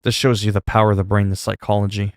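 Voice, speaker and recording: A man's voice: lowish voice, flat delivery, quick pace, dry recording, clean studio sound. A man chatting casually on a livestream at home into a desk mic, rambling and self-mocking with lots of fillers.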